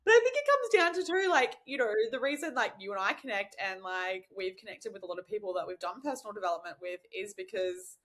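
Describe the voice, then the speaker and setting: A woman's voice: mid-range voice, lively intonation, fast talker, few pauses, a bit bright. A woman hosting a podcast, chatting casually, swearing freely and laughing often. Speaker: podcast host. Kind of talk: casual chat.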